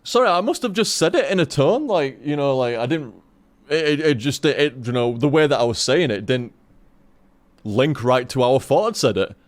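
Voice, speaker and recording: A man's voice: medium pitch, animated, normal speed. A man chatting casually on a game stream, rambling and swearing, tripping over his words.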